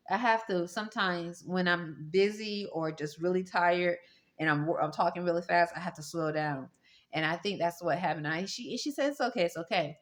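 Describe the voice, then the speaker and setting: A woman rambling through a personal workplace story, halting and restarting often, with an apologetic tone. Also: medium pitch, fairly bright tone. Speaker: vlogger recounting a workplace story.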